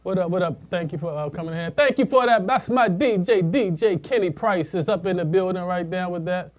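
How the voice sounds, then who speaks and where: A man's voice: sits high, brisk. A man hosting an internet radio show, talking in a laid-back, slangy, rambling way with lots of fillers. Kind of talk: casual talk show chat.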